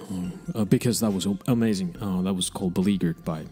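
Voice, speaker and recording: A man's voice: low voice, fast, mellow, faint music behind. A man hosting an online radio show, chatting casually and rambling between songs, frank and self-mocking and often restarting his sentences.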